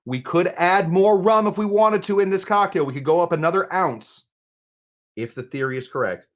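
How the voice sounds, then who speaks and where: A man's voice: high-pitched, normal speed. Chatty, rambling man mixing drinks live. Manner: rambling, chatty, self-deprecating, with many fillers. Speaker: host of a live cocktail-making show. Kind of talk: casual livestream chat while mixing drinks.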